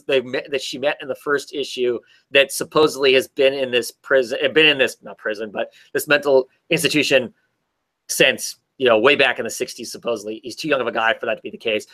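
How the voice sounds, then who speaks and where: A man's voice: mid-range voice, sharp tone. A man casually recapping a comic story, rambling with many fillers and restarts. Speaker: podcast co-host reviewing comics. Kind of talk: casual chat.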